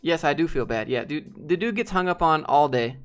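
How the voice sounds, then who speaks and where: Guy on a stream, kinda high voice, rambling and blunt, faint music in the back. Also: animated, moderate pace, smooth. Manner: blunt, rambling, swears casually. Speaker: streamer talking to chat. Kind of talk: casual live-stream chat.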